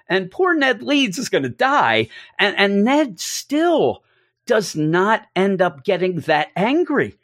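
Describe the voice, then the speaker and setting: Animated podcast co-host, man, lively swooping delivery, dry close sound. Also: sits high, a little slow, no room sound. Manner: animated, acting out scenes, laughing. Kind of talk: casual comic book discussion.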